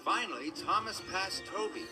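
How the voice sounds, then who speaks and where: Male narrator, storybook reading, gentle, expressive, fairly high voice, music behind. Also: normal speed. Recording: music playing underneath.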